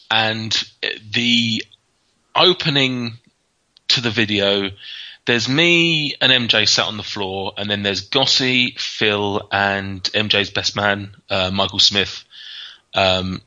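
A man's voice: fairly low pitch, sharp tone. A man telling casual, rambling anecdotes in a chat, full of fillers and restarts. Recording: dull lo-fi sound.

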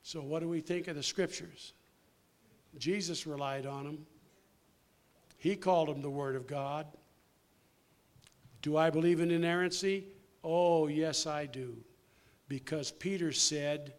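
An older man preaching slowly and emphatically, answering questions and rising in force on key points. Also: on the high side, fairly even intonation.

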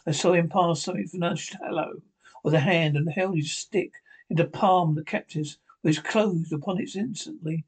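A man's voice: a little high, normal speed, slightly rough. A man reading a classic adventure novel aloud in an unpolished way, with frequent slips and restarts. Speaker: reader.

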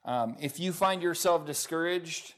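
A middle-aged pastor preaches a sermon in a slightly high voice at a somewhat slow pace. He tells stories in a relaxed, conversational way, full of fillers and small chuckles.

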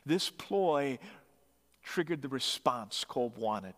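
A man's voice: medium pitch, big pitch swings, extremely slow, fairly bright tone, long reverb tail. A man narrating a story dramatically, swelling his emphasis on key phrases.

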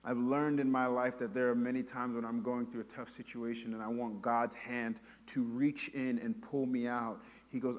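A man preaching a sermon to a congregation, moving between loud, emphatic preaching and quiet, intimate passages. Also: mid-range voice, level tone, normal speed, hardly any pauses. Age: adult parent. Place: church sanctuary before a congregation. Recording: long hall reverb in a church.

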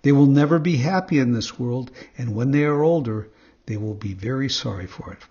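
A man voicing a wise, calm old male cricket who lectures, in a husky voice, on a dull recording. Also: medium pitch, normal speed. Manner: calm, preachy.

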